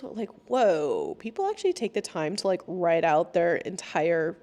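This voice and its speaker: A young adult woman hosting a casual solo podcast, chatty and laughing often, sometimes acting out quoted lines in a higher voice. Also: very animated, unhurried, a little mellow. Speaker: podcast host.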